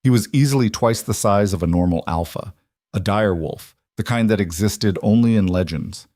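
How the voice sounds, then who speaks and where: A man narrating a scripted fantasy story in a dramatic, steady way. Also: fairly low pitch, moderate pace, no room sound, clean studio sound.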